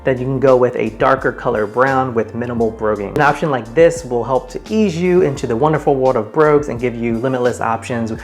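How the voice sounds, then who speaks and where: A man presents a casual style vlog in an upbeat, chatty way, at a mid pitch for a man. His talk is informal and easygoing, and soft background music plays under him. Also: a little fast, few pauses. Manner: upbeat, chatty and informal, shows shoes while explaining. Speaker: men's style vlogger.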